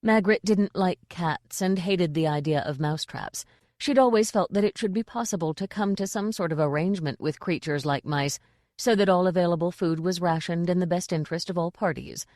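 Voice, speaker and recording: Low, dry-toned female audiobook narrator. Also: a little fast, a little mellow, no room sound. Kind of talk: scripted narration.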